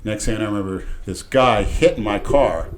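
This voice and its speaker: Rambling older man with a low voice. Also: normal speed, a little hiss or hum. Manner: rambling, crude, jumps between hushed and loud. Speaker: podcast regular. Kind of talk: casual storytelling rant.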